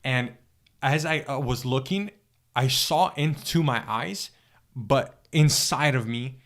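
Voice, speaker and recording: In an interview, a guest gives his personal spiritual testimony in a somewhat bright, mid-pitched voice. He's earnest but halting, pausing, repeating himself, and restarting often amid plenty of fillers.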